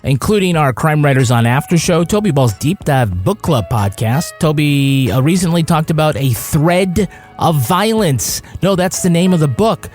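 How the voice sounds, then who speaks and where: A man's voice: on the high side, expressive, moderate pace, a little mellow, soft background music. A man hosting a podcast in casual chat, joking and swearing freely. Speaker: podcast host.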